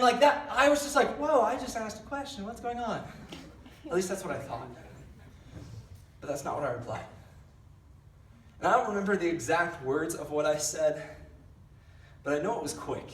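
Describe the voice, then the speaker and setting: A man's voice: on the high side, animated, moderate pace, long pauses, a bit bright, roomy sound, far from the mic, a little hiss or hum. A young man giving a casual youth sermon, telling a rambling story with lots of fillers and self-deprecating jokes. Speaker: youth pastor. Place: large church hall.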